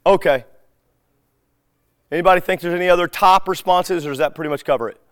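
Man, lively teaching talk, acts out dialogue, slightly high voice, smooth and clear, dry close sound. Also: fast talker, no room sound. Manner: animated storyteller who acts out dialogue. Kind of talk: conversational teaching talk to a live audience.

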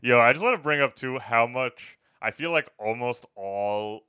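A young man co-hosting a casual movie podcast, animated and full of "like". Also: medium pitch, moderate pace, clean tone, no echo, clean studio sound. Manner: animated, full of "like", jumps into quotes. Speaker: podcast co-host.

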